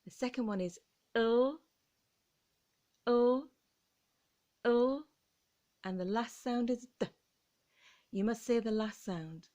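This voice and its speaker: Slow, precise English woman teacher. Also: fairly high pitch, mellow. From England. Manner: careful, deliberate articulation with encouraging tone. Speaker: English teacher and vocal coach. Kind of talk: slow, clearly enunciated pronunciation lesson.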